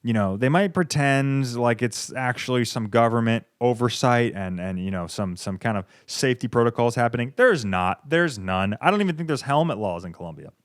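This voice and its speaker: A young American man talks straight into a close, dry microphone, his voice smooth and clean. He rambles through a casual solo podcast, swearing freely and drifting into sarcastic tangents. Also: medium pitch, animated, moderate pace, hardly any pauses, no echo. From United States. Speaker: podcast host.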